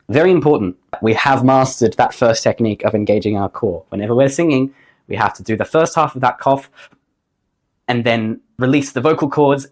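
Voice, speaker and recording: A man giving a singing lesson to camera, upbeat and jokey, his voice slightly hoarse after the flu. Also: mid-range voice. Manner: upbeat, jokey, emphatic on key points. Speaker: singing teacher.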